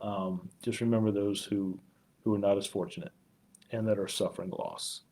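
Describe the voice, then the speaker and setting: Emotional police chief on a live stream. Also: male voice, on the low side, level tone, moderate pace, dark tone. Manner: heartfelt, rambling, frequent fillers. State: choked up with emotion. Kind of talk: live-streamed community chat.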